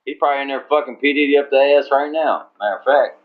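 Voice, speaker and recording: A man's voice: mid-range voice, fast talker. Crude swearing guy on talk radio, kinda muffled lo-fi audio. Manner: crude, profane, rambling. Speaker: co-host. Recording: dull lo-fi sound.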